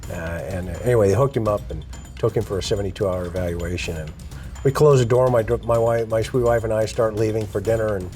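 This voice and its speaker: A middle-aged man telling a story in an interview, casual and relaxed, full of "you know" and "uh". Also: lowish voice, fast talker. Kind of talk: casual spoken anecdote. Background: faint music.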